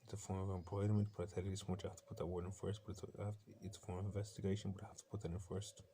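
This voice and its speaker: Fast-talking, intense Irish man. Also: sits low, level tone, dark tone, slight background noise. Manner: intense, defiant, rambling. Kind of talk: rambling personal monologue. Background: faint bird sounds from a laptop.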